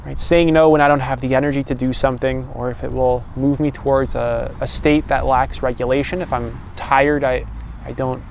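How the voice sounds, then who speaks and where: A young male coach muses aloud in a relaxed, unscripted way, often tagging his points with a questioning "right?". His voice has a gravelly, creaky texture at a middle pitch. Faint street ambience sits quietly under him. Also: moderate pace, slight background noise. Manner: calm, loose, many "right?" tags and restarts. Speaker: personal growth coach. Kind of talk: casual reflective monologue.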